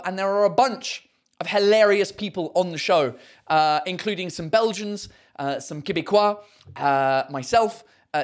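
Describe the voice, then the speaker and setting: A man hosting a live podcast from his garden shed, chatting casually and swearing freely, with plenty of fillers. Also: high-pitched. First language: English. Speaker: podcast host. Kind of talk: casual live-stream chat.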